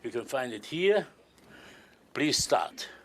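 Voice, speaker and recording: A man's voice: mid-range voice, sing-song, slow pace. An older man performing as a stage magician, joking and courtly with volunteers in careful. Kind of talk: live magic performance patter.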